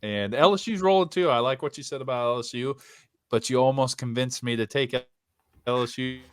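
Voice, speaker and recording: A man's voice: mid-range voice, brisk, smooth. Blunt man in casual sports talk. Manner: blunt, decisive. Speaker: podcast co-host.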